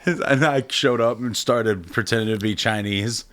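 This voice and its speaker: Low-voiced man telling crude stories. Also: moderate pace, fairly bright tone. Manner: laughing, crude storytelling. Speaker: podcast co-host. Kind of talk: casual chat.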